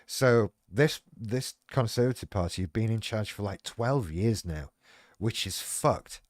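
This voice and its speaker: A man's voice: fairly low pitch, unhurried, no echo. Sweary, wry man on a dry mic. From United Kingdom. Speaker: livestream host. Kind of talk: casual chat.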